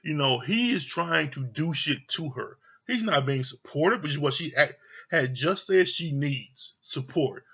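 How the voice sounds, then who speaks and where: A man with a slightly high, husky voice rants through a reality TV review, swearing freely and hammering each point home. He sounds fed up and emphatic, and the recording comes across dull and lo-fi. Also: expressive, unhurried, bright, forceful tone. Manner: profane, exasperated, emphatic repetition. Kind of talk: heated review rant.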